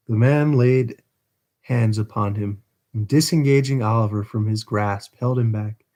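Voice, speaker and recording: Slow, dark-voiced man reading aloud. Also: fairly low pitch. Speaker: livestream book reader.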